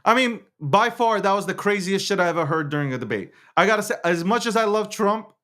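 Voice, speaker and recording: A man hosts his own show in a loose, opinionated rant, stumbling over and restarting his words. His voice sits high and swings up and down a lot. He laughs and swears freely as he talks. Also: lively intonation, a little fast, fairly bright tone. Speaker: show host. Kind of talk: casual political rant.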